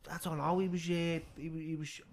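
A man's voice: on the high side, fairly even intonation, fast. A man with a Liverpool accent hosting a casual podcast chat, rambling and restarting his sentences. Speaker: podcast host. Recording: crowd noise behind.

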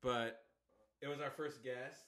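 A man's voice: medium pitch, steady tone, unhurried, a crowd in the background. A man co-hosting a podcast in loose, rambling casual chat, laughing and swearing often. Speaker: podcast co-host.

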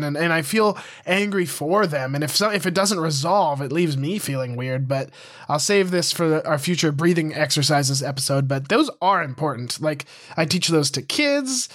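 A young man with a slightly raised pitch talks in loose, casual podcast chat. He rambles and restarts his sentences, telling stories from his own life. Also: expressive, moderate pace, a bit bright. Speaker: podcast co-host, preschool teacher.

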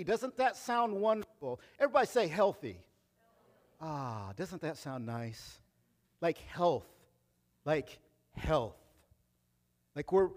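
A man preaching a sermon as pastor, reading scripture quietly and then driving his points home loudly. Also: high-pitched, in a large hall. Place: church sanctuary.

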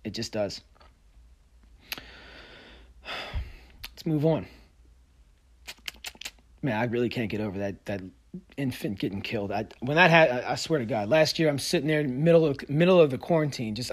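A man hosting a sports podcast, delivering a heated, sarcastic solo rant that swings from loud outbursts to low mutters. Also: animated, moderate pace, long pauses, husky. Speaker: podcast host.

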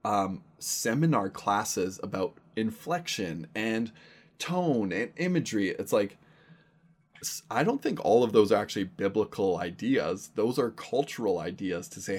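A man's voice: lowish voice, animated, unhurried. A man, a pastor, talking earnestly and casually in an interview. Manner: earnest, conversational, thinks aloud.

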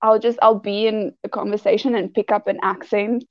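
A woman's voice: medium pitch, flat delivery, brisk, no room sound, highs cut off. A woman who is a pageant titleholder, a guest in casual chat, giggly and playful on a video call.

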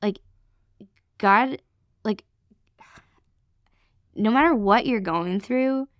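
A woman from Canada telling an emotional personal testimony as a podcast guest, earnest and excited. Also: medium pitch, drawn-out words, no echo, studio quality. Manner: earnest, excited storytelling with many fillers.

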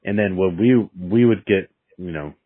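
A man's voice: low voice, moderate pace, slightly rough, no echo. A young man casually telling a story with heavy swearing, rambling and restarting his sentences, heard over a dry, tinny, phone-like recording.

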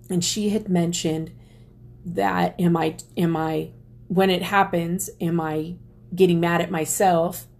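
A woman speaking to an audience, telling a personal story slowly and deliberately, with pauses and restarts. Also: lowish voice, gravelly, darkish tone. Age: adult parent. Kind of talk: reflective personal talk to an audience.

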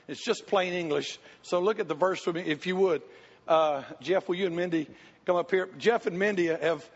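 High-voiced preacher in a hall. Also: male voice. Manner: folksy, joking, pleading. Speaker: pastor. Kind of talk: sermon with congregation volunteers. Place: church sanctuary. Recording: muffled church hall reverb.

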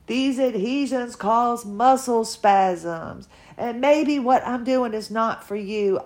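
Slow-talking earnest woman, emotional podcaster. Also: mid-range voice. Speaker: podcaster sharing her health journey. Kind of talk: casual personal monologue.

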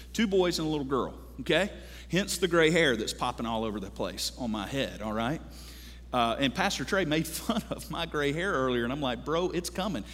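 A man in his thirties preaching a sermon to a congregation, animated and joking, calling out to the crowd for responses. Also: a little high. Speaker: pastor. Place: large church hall. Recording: long hall reverb from a church.

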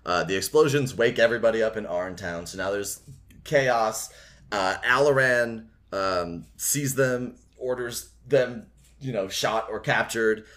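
A man's voice: on the low side, unhurried, a bit bright. A man hosting a podcast, recapping a book casually with many fillers and sometimes reading passages aloud. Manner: casual, rambling recap full of filler words.

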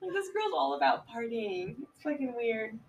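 A woman casually retelling a film plot on a podcast, laughing often and jumping into loud voices for the characters. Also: fairly high pitch, lively intonation, moderate pace, gravelly, recorded from a distance, slight background noise, rough recording. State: giggly, a bit high. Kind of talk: casual chat.

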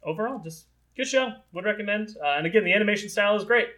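A man's voice: high-pitched, animated, fast talker, pushed and bright. A young man hosting a casual podcast, rambling and upbeat with lots of fillers. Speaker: podcast host.

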